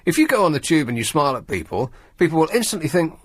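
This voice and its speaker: A man holds forth on talk radio with a sardonic, grumbling wit. His pitch swoops lively up and down as he mocks his subject. The studio sound is dry and close. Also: fast, husky, dry recording. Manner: sardonic, grumbling, mocking asides. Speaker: radio show host. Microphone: studio microphone.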